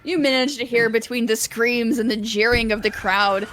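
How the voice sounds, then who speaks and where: A woman running a tabletop game as game master, narrating scenes for players with lively energy and frequent laughter. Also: fairly high pitch, moderate pace, a little hiss or hum. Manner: animated, laughs often while narrating.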